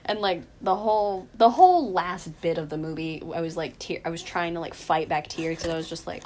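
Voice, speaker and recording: A woman's voice: on the low side, moderate pace. A young woman in casual chat, gushing with lots of fillers and laughter.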